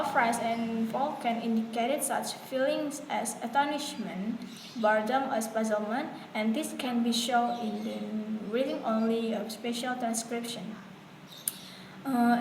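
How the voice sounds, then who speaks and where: Reading unhurriedly from her notes, an Indonesian-speaking woman presents in class with a slightly high voice, filling pauses and restarting sentences. Echo and faint noise fill the room.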